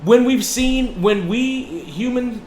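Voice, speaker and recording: A man's voice: very high voice, slow pace, darkish tone, roomy sound, slight background noise. A man co-hosting a casual podcast, emphatic and profane, repeating himself as he argues a point. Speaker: podcast co-host. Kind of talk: casual chat.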